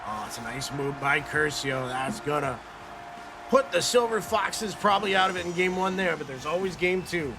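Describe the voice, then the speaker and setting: A man's voice: a little high, lively intonation, moderate pace, background noise. Upbeat jokey man calling a hockey game. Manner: upbeat, jokey, reads chat aloud. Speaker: play-by-play caster. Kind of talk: live stream game commentary. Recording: stream mic with game music behind.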